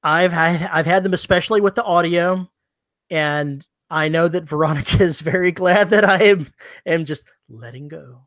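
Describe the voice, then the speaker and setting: Guy with a higher voice cohosting a podcast, teasing and self-deprecating, dry close sound. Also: fairly even intonation, moderate pace, fairly bright tone, no echo. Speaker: podcast co-host. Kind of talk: casual podcast chat.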